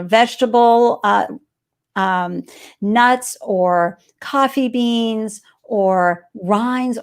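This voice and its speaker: Boston-accented woman, live stream host, bubbly and upbeat, voice sits a bit high. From Boston area, US. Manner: bubbly and enthusiastic.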